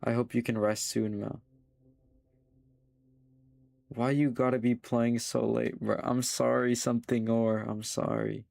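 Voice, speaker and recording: A man's voice: medium pitch, level tone, normal speed, creaky, darkish tone. A man streaming a game live, reading its text aloud and chatting to his viewers. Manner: reads game text aloud, talks to chat. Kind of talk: live gameplay commentary.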